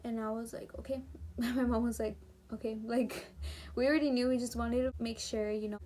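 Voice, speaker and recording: A woman's voice: fairly high pitch, fairly even intonation, moderate pace, darkish tone. A seventeen-year-old girl telling a personal story in a chatty, emphatic vlog style full of fillers. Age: teens. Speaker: vlogger. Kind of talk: casual storytime.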